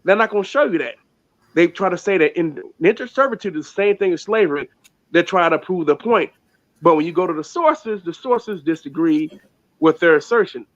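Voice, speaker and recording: A man's voice: high voice, animated, brisk, no room sound. A man co-hosting a casual podcast, telling boastful, profane stories about arguing with fans online. The sound is dull and dry. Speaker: podcast co-host. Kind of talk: casual chat.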